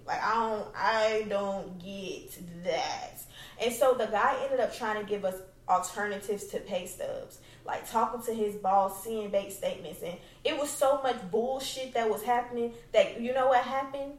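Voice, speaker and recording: A woman's voice: mid-range voice, moderate pace, recorded from a distance. A young woman tells her own story as a podcast host, blunt, cussing freely and hitting her words hard. She sits a little back from the microphone in a room that rings around her voice. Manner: blunt and profane, emphatic. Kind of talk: candid personal storytelling. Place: home. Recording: roomy, away from the mic.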